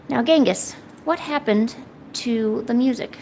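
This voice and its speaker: A sick woman streaming her drawing, chatting softly to her pets and cooing at them. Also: on the high side, expressive, normal speed, creaky, long pauses, slight background noise, rough recording. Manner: soft, cooing pet talk. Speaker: art streamer. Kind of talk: casual chat to her pets while drawing. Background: faint music.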